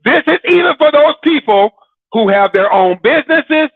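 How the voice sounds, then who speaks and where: A man's voice: very high voice, expressive, moderate pace, vocal fry, no room sound, narrow, tinny audio. A man hosting a Christian broadcast, preaching in a casual, teasing way with dramatic repetition and frequent laughs. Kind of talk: sermon-like casual talk.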